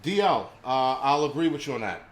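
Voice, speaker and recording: A man's voice: medium pitch, big pitch swings, brisk, a little hiss or hum. A man hosting a livestream, ranting crudely and rambling while he answers viewers' chat. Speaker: livestream host.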